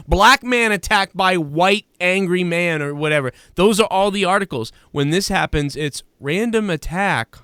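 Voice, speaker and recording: A man's voice: sits high, animated, normal speed, few pauses, pushed and bright, clear, resonant tone, no echo, clean studio sound. A man hosting a live talk show, ranting crudely and mimicking voices as he tells stories. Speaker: podcast host. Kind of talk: casual talk show banter.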